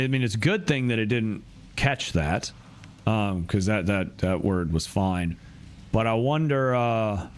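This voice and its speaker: Rambling young man streaming a game. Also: on the low side. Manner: rambling, many fillers and restarts. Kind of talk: casual gaming commentary.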